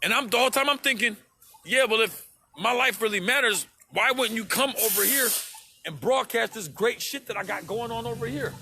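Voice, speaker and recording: A man's voice: very high-pitched, fairly quick, vocal fry, pushed and bright, a little hiss or hum. A man on a livestream, speaking to his viewers in an impassioned, profane rant and repeating himself for emphasis.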